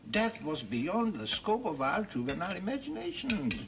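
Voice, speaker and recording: An older man playing a wistful Russian émigré veteran, musing slowly about old battles. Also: high voice, heavy background noise, full character voice. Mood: reminiscing. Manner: slow, musing, lively intonation.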